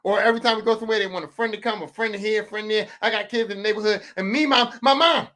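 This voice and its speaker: A man's voice: high voice, rapid-fire, sharp tone. A man, hosting a podcast with a profane, comedic rant that repeats lines for emphasis. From West Philadelphia. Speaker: podcast host.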